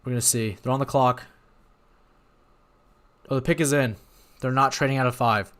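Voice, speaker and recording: A young man hosting a live watch party, talking in a rambling, excitable way and often apologizing. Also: medium pitch, normal speed, smooth. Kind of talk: live-stream reaction chat.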